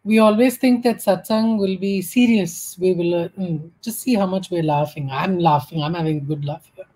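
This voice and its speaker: A woman's voice: on the low side, normal speed, low-quality recording. A woman with an Indian English accent giving a humorous storytelling talk at an online spiritual gathering. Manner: warm, humorous storytelling with acted quotes.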